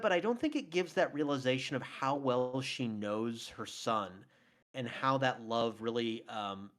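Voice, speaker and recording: A man's voice: medium pitch, a bit bright. Enthusiastic laughing man debating films. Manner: enthusiastic, laughs often, many fillers. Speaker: podcast co-host. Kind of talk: casual film debate chat.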